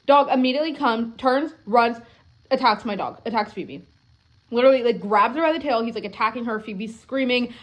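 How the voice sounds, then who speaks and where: A young adult woman vlogging at home, telling a story in a rambling, animated way, full of filler words and frequent swearing. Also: fairly high pitch. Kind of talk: casual storytelling to camera.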